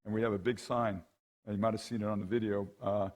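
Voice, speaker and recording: A fast-talking middle-aged man with a low voice, a rowing coach, serves as guest speaker at a men's conference. He tells conversational stories with lively energy, playing the people in them and frequently checking in with "right?" and "okay?".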